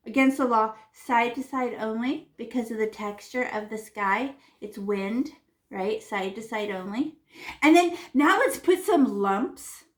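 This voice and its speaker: A woman leads a children's painting class with a slightly high voice. She talks playfully and chattily, tossing in sound effects and repeating words as she goes. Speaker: art teacher. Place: classroom or home room.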